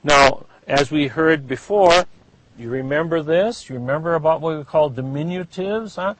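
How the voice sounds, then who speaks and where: In a classroom lecture, a man teaches German, stretching out vowels to demonstrate them and tacking on "huh?" after each point to check in. His voice is fairly high and fairly bright, at a moderate pace.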